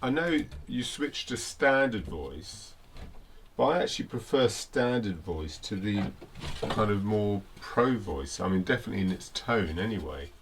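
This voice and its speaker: A man's voice: lowish voice, expressive, unhurried, a little hiss or hum. A man, an artist and vlogger, talking casually to an AI assistant in a hesitant, stop-start, irritated way.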